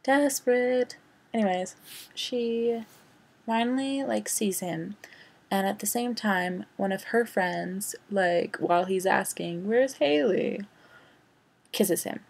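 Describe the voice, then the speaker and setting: A young woman rants to camera about a movie she just saw. Her mid-pitched voice keeps sliding into a gravelly vocal fry. She is sarcastic and rambling, with "like" in nearly every sentence. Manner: sarcastic, rambling, heavy use of "like". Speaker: vlogger. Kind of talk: casual movie rant.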